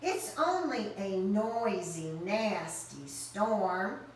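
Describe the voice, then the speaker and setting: A woman voicing a calm, kindly male owl who comforts his friends in a slow, reassuring way. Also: medium pitch. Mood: soothing. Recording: roomy echo, mic at a distance.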